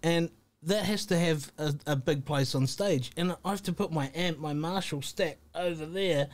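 A man with a New Zealand accent tells a backstage tour story in casual chat. His voice sits a little high. He keeps acting out the lines of the people in it. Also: normal speed. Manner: animated anecdote-telling, acts out quoted voices. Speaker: guest musician.

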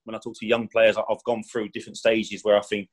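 A man's voice: lowish voice, little pitch movement, fast talker, poor audio. A former professional footballer as a podcast guest, telling his career stories in a chatty, rambling way. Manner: rambling, chatty, fond of "do you know what I mean"; acts out quoted speech with raised voice. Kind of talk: casual storytelling interview.

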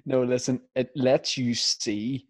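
Deadpan young man, dry close sound. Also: mid-range voice, breathy edge, no echo. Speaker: podcast co-host. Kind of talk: casual storytelling chat.

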